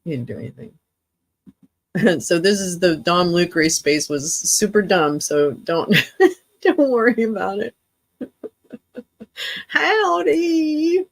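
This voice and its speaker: A woman's voice: mid-range voice, expressive, slow pace, gravelly, long pauses. A tired woman hosting a livestream, chatting with viewers in a rambling way, swearing and laughing often. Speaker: livestream host. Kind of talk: casual livestream chat with viewers.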